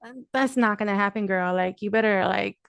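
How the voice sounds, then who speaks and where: A young female podcast host shares a loose, candid personal monologue with her listeners, full of "like" and casual swearing. Her mid-range voice is fairly bright and smooth with vocal fry, going a little fast. The sound is dry and close, with no room sound.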